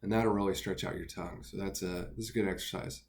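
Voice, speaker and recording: A man teaching singing basics in a relaxed, step-by-step way, pausing with fillers between his explanations. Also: low-pitched. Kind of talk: instructional talk with sung demos.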